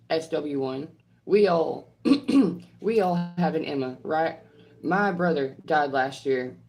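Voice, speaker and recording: A woman with a low-pitched, darkish voice delivers a heated, profane monologue answering trolls, blunt and confrontational and hammering her points with repetition. She is an online creator and healthcare professional.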